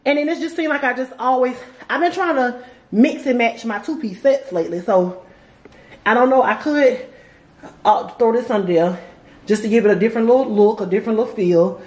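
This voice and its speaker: A woman in her forties chatting casually to her vlog camera and hosting a video call, thinking out loud as she goes. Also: on the high side, fairly quick, roomy sound. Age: 40s. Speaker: vlogger and video call host.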